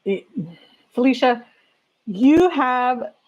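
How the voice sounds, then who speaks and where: A woman's voice: high voice, animated, very slow, darkish tone, highs cut off. A woman hosting a casual chat stream. She reads aloud, reacts with strong opinions, laughs often and talks straight to her viewers. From California. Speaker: livestream host.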